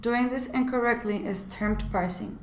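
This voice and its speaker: A woman's voice: a little high, moderate pace, reverberant, slight background noise. A woman reading a scripted class presentation in a plain explanatory tone. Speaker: student presenter.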